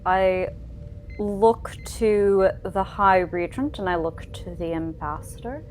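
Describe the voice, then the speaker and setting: A woman speaking calmly in character in a tabletop game. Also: mid-range voice, slow, slight background noise. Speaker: player.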